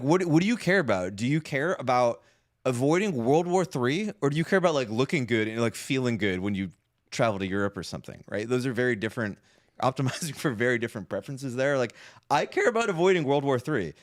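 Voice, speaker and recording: A man's voice: medium pitch, dry recording, clean studio sound. A man co-hosting a podcast, ranting in casual chat, swearing often and filling his talk with "like" and "right?". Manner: profane, ranting, lots of "like" and "right?". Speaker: podcast co-host.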